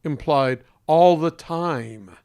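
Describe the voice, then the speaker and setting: Deliberate, emphatic man, higher voice. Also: darkish tone, clean tone. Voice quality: singer's trained voice. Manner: deliberate and emphatic, with pointed pauses. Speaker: voice coach. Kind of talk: speaking to an interviewer.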